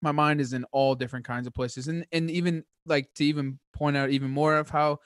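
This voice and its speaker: A man telling a hunting story as a podcast guest, excitable and rambling, with lots of high energy. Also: fairly quick, no echo, studio quality. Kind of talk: casual chat, hunting story.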